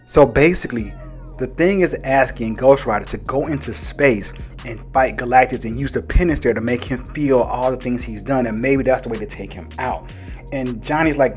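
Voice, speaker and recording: A man hosts a casual comic review, recapping the plot in a chatty, loose way with plenty of fillers. His voice sits at an ordinary middle pitch, and faint music plays beneath him. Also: fairly quick. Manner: chatty, retelling the story with filler words. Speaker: comic book reviewer, host.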